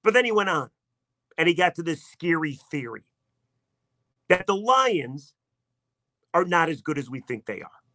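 A man's voice: on the high side, sing-song, unhurried, long pauses, bright, forceful tone, no echo. A man hosting a sports talk radio show, telling a story in a chatty, sarcastic way.

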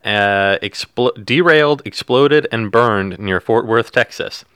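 A man's voice: medium pitch, slow, fairly bright tone, clear, resonant tone, no echo. A man co-hosting a podcast, reading news headlines aloud and adding wry, jokey asides in casual chat. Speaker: podcast co-host.

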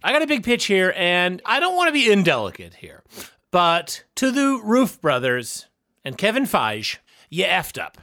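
A man co-hosting a comedy podcast, pitching ideas in an excitable, jokey mock-salesman manner. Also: normal speed, no echo, studio quality.

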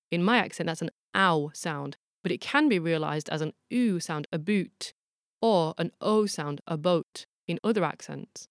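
A woman's voice: lowish voice, dry recording, clean studio sound. A woman hosting a podcast, reading a scripted narration in a playful, explanatory way and sounding out examples aloud. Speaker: podcast host.

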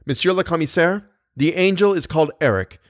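A man's voice: fairly high pitch, a little fast, no echo, studio quality, voice pushed up, close to an everyday voice. A man voicing an earnest young viscount. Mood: insistent. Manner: earnest, insistent. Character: earnest, agitated young nobleman.

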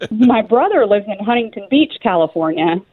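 A woman's voice: mid-range voice, lively intonation, normal speed. Southern woman on a phone line. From Tennessee. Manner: earnest, conversational, with fillers. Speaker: guest. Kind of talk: radio interview.

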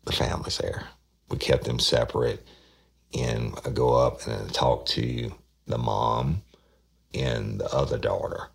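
A man's voice: extremely low pitch, normal speed, vocal fry, a bit bright, slightly rough. A middle-aged man, a retired detective telling an old case in plain, rambling speech full of quoted dialogue. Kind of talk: casual spoken true-crime storytelling.

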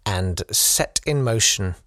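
A man's voice: fairly low pitch, expressive, slow, a loud crowd. A man co-hosting a comedy podcast, telling a history story playfully and slipping into silly voices. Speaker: co-host. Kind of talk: comic storytelling.

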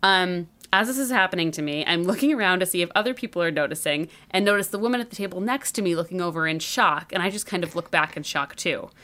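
A woman's voice: fairly low pitch, quick pace, hardly any pauses, pushed and bright. A woman from Chicago, a podcast host telling a dating story in chatty casual talk full of "like" fillers. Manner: chatty, lots of "like" fillers and laughter.

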